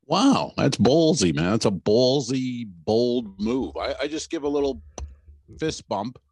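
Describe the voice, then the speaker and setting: A man's voice: mid-range voice, sing-song, a little slow, darkish tone, breathy edge, dry recording. A man co-hosting a comedy podcast, telling a story bluntly and laughing at himself. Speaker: podcast co-host. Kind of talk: casual comedy banter.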